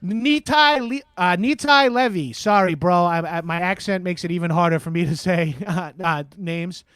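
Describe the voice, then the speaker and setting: A man's voice: high-pitched, normal speed, fairly bright tone, clear, resonant tone, dry recording, clean studio sound. A man playing a crude, boastful radio host with a Long Island accent, taking calls on a comedy show. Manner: boastful, crude, swaggering, lots of swearing and "bro". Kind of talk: improvised comedy call-in show.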